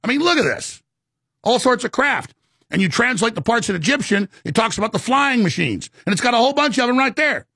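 A man's voice: extremely high pitch, big pitch swings, fairly quick, pushed and bright, breathy edge, no echo, studio quality. A man hosting a talk show, delivering an impassioned, rambling monologue with emphatic stresses and many stammered restarts.

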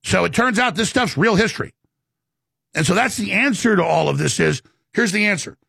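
A man's voice: sits high, lively intonation, creaky, a bit bright, breathy edge, no room sound, studio quality. A man delivering an impassioned, ranting monologue, repeating words as he pushes his points. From Texas. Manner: ranting, rapid and repetitive.

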